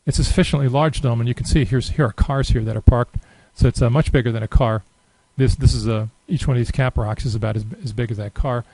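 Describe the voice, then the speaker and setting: A man giving a relaxed, unscripted screen-recorded software tutorial, thinking aloud with many fillers. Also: mid-range voice, fast, few pauses, no room sound, rough recording. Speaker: software demonstrator.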